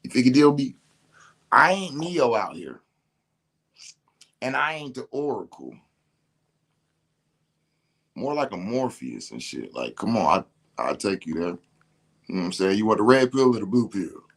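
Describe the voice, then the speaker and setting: A man's voice: lowish voice, big pitch swings, a little slow, long pauses, fairly bright tone. Slangy man on a rant. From Detroit. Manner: emphatic, slangy, repeats himself. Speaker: podcast host. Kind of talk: casual spiritual rant.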